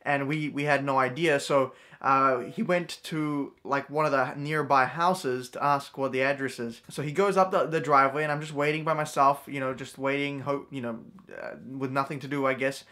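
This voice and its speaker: A man's voice: mid-range voice, steady tone, normal speed, bright, forceful tone. A young man vlogging a true story at home, rambling with lots of fillers and restarts. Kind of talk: storytime vlog.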